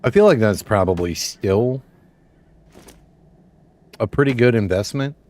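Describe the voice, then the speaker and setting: A man's voice: on the low side, expressive, a little slow, darkish tone. Young male streamer, casual, foul-mouthed, joking commentary. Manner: profane, joking, off-the-cuff.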